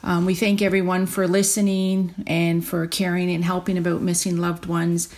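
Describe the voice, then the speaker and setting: A woman hosting a podcast, talking haltingly with many fillers and restarts, close to tears as she gives an emotional update. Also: fairly low pitch, little pitch movement, a little mellow. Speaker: podcast host.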